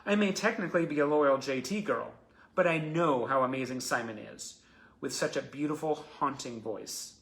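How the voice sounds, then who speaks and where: A man with a mid-range voice and some vocal fry hosts a live stream at a moderate pace. He reads out fan messages with rising excitement, reacting to each and chuckling between them.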